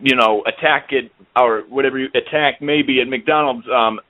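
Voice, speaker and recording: A man's voice: mid-range voice, moderate pace. A man hosting an internet radio show, chatting casually and hesitantly with lots of fillers. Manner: hesitant, many ums and you-knows. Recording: tinny phone-like line.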